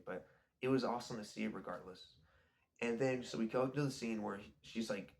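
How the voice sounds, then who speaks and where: A man's voice: on the low side, creaky, a bit bright. A young man rambling casually about a film he just watched, often restarting his sentences. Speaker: video creator. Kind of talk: casual rambling movie review.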